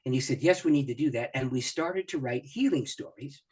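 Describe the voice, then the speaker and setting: A man's voice: mid-range voice, fairly quick, a little mellow, breathy edge. A middle-aged man, a pastor and author, telling personal stories as an interview guest, acting out his own thoughts and laughing often. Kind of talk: animated personal storytelling in an interview.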